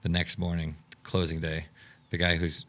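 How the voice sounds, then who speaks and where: A man with a very low voice tells the story behind his camp in an interview. He brings it to life by acting out the conversations he recalls, shifting his voice for each person. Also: normal speed. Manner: animated storyteller acting out quoted dialogue. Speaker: camp owner and director.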